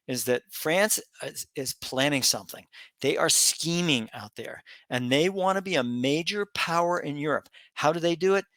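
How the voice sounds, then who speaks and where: A man's voice: fairly high pitch, bright, forceful tone, no echo. Emphatic folksy middle-aged man, dry close mic. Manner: emphatic, repetitive, folksy asides. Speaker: political commentary host. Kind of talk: casual opinion monologue.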